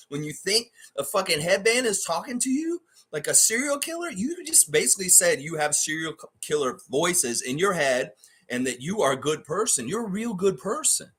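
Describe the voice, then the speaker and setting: A man rants on a fan livestream with a husky, slightly rough voice that leaps up and drops low as he talks. He is heated and profane, mocking everything he talks about. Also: very animated, normal speed, fairly bright tone. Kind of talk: ranting fan reaction livestream.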